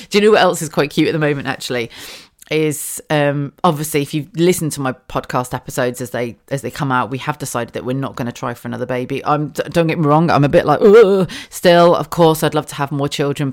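A woman, chatting casually on her own podcast from a room at home, laughing often and swearing now and then. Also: sits low. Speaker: podcast host. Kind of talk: casual solo podcast chat. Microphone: studio mic with a damaged foam windscreen.

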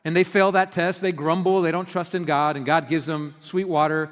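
A middle-aged pastor giving a conversational sermon, telling stories and acting out quoted outbursts. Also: male voice, fairly high pitch, fairly even intonation, normal speed. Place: church sanctuary. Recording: long hall reverb.

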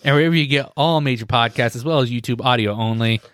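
A man's voice: mid-range voice, fast talker, a bit bright, clean tone, no room sound. Brief: man, podcast co-host, joking and profane, dry close sound. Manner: swearing, joking, laughs often. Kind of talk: casual podcast banter.

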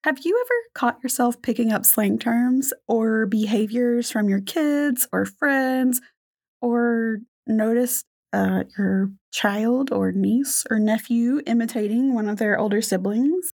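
A woman's voice: a little high, slow pace, creaky, darkish tone, no room sound, studio quality. A woman co-hosting an educational podcast, talking in a thoughtful, rambling way with many fillers. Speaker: podcast co-host. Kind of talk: casual educational podcast chat.

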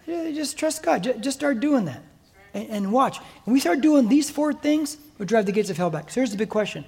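In a church sermon, an older American pastor exhorts emphatically and mimics the excuses of his listeners. His very high-pitched voice is gravelly and darkish, slightly rough, with lively intonation at a moderate pace.

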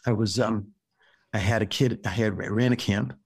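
A rabbi chats about raising children on a podcast. His voice is gravelly and a little husky, and the sound is dry and close. He stumbles and repeats words as he works out each point. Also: fairly low pitch, fairly even intonation, no room sound. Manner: halting, repeats and restarts words, gentle advice. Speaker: rabbi and parenting guest. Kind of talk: casual podcast conversation.

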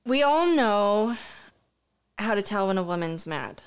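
A woman's voice: mid-range voice, sing-song, measured pace, clean tone. A woman and mother co-hosting a podcast, chatting casually and telling stories frankly with frequent swearing. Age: adult parent. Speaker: podcast co-host. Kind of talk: casual chat.

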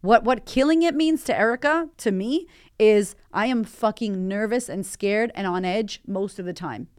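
Smooth-voiced woman hosting a candid podcast. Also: medium pitch, normal speed. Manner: energetic, candid, swears freely. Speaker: podcast host and life coach. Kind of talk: motivational podcast monologue.

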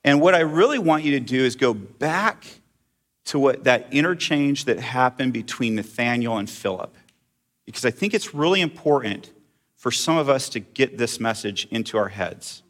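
A man's voice: mid-range voice, expressive, normal speed, a bit bright. A middle-aged man preaching a sermon in a conversational way, putting questions to his congregation. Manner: conversational, asks the audience questions. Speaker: pastor.

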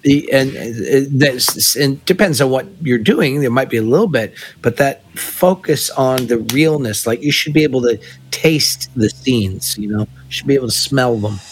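A man's voice: medium pitch, expressive, normal speed, soft background music. A man in a casual podcast discussion, thinking aloud and searching for his words.

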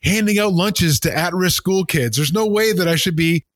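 An older man with a slightly high voice hosts a faith podcast. He sounds animated and preachy, and he breaks into mimicked voices. The close mic is dry. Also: normal speed, no room sound. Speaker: podcast host. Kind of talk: casual faith podcast chat.

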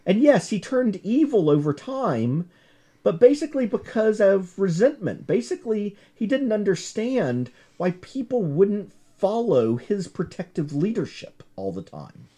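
A man's voice: high-pitched, very animated, measured pace, dark tone. A man giving a chatty class lecture on comics, full of asides and self-corrections.

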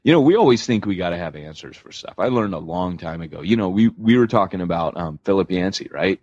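A man co-hosting a podcast, telling stories in a casual, animated way with lots of fillers. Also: deep voice, fast, no echo, muffled recording. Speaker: podcast host.

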